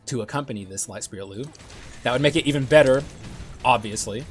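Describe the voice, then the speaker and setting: A young man giving casual gameplay commentary, excitable and swearing often, clearing his dry throat now and then. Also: mid-range voice, fast, soft background music. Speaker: gaming YouTuber.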